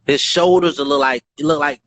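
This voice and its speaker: Brief: enthusiastic man guest, slightly high voice, live-stream chat. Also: fairly even intonation, normal speed, fairly bright tone, a little hiss or hum. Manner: effusive, enthusiastic. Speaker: guest, dog owner.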